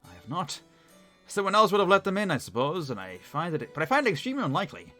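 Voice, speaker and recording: A man's voice: high-pitched, very animated, fast talker, bright, forceful tone, pitched above the performer's own voice, heavily acted. A man with a Northern English accent reading the lines of an old, evasive male butler in a formal, polite manner, with faint music behind. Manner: polite, formal, read aloud.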